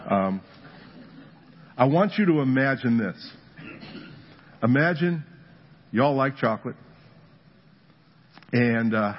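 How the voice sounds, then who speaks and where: Male pastor, mid-pitched husky voice, humorous storytelling sermon, lo-fi church recording. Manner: storytelling with humor, builds to animated emphasis. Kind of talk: conversational sermon.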